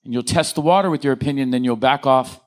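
A male pastor preaching a lively sermon, joking with the congregation and asking them to answer back. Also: medium pitch, fast talker. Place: church.

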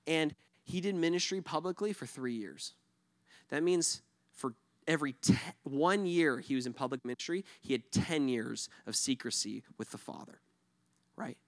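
A man preaching a sermon conversationally. He asks the congregation questions and swings between loud emphatic bursts and hushed near-whispers. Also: a little high, dry recording.

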